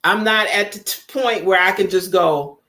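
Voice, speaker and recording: A woman's voice: medium pitch, moderate pace, pushed and bright. A woman, chatting casually with viewers as host of her livestream. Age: 50s. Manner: chatty, talks straight to viewers.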